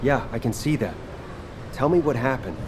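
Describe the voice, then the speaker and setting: A man voicing a gruff, blunt chef. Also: medium pitch, expressive, moderate pace, natural voice. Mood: concerned. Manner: blunt, impatient. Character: gruff male chef searching for a missing companion. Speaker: game character. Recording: game audio with ambient noise.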